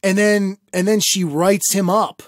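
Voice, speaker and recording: A man co-hosting a casual podcast, telling rambling, animated stories with lots of restarts. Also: high voice, measured pace, no room sound, studio quality. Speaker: podcast co-host. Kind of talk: casual chat.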